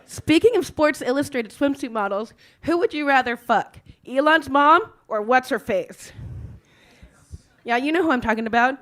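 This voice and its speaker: A woman's voice: high voice, expressive, unhurried, pauses often, fairly bright tone. A woman doing a nervous, self-deprecating stand-up set. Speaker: stand-up comedian.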